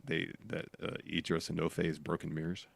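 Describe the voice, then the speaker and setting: A man's voice: extremely low pitch, monotone, moderate pace, gravelly, no room sound. A man co-hosting a podcast, recapping wrestling episodes in a plain, matter-of-fact way. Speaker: podcast co-host.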